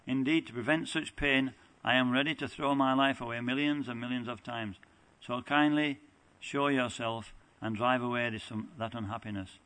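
A divine young lover answers with tender devotion and some teasing, in an earnest, mid-pitched reading voice, as a man reads the lines aloud. It is a scripture reading, not a theatrical performance. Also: fairly even intonation, moderate pace, a bit bright, lightly acted, low-quality recording.

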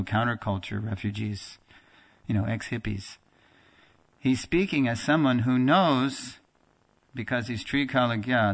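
A man leads a class in the manner of a storyteller, chatty and unscripted, with fillers and restarts. His voice sits at an ordinary middle pitch, and he slips into the people in his story, acting out what they say. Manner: animated storyteller, acts out quoted dialogue; conversational with fillers and restarts, laughs now and then. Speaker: teacher of a religious class. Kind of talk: storytelling lecture.

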